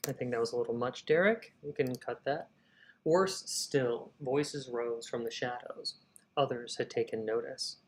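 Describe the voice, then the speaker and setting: A man's voice: medium pitch, rough recording. A man reading his own novel draft aloud, stopping often to rethink wording and talk himself through edits. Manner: reads prose, then stops to rethink and edit wording aloud; talks to himself while editing. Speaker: fiction writer. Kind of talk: reading a draft novel aloud during a live writing session.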